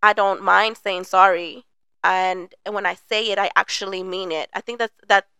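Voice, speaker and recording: A woman's voice: medium pitch, steady tone, moderate pace, pushed and bright, clean tone, no echo. A woman in her thirties co-hosting a podcast, talking earnestly and reflectively in casual chat. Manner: earnest, reflective, acts out apologies. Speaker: podcast co-host.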